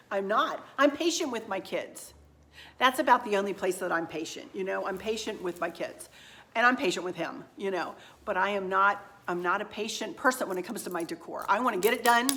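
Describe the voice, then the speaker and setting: Bright and forceful, her medium-pitched voice moves briskly as this middle-aged woman shows her home decor finds. She talks to viewers directly in a rambling, folksy, self-deprecating way, and the room has an echo.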